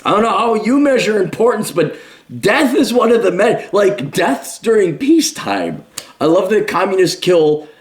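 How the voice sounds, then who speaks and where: Sarcastic, lively ranting man. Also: sits high, normal speed. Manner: sarcastic, mocking, with mimicking asides. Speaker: commentary host. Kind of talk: ranting commentary.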